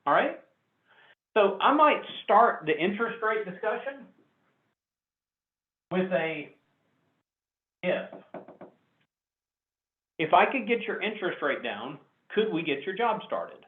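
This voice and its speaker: A man running a sales training class, animated and coaching, acting out customer exchanges over a video call. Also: high-pitched, slow pace, long pauses. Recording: echoey, tinny call audio.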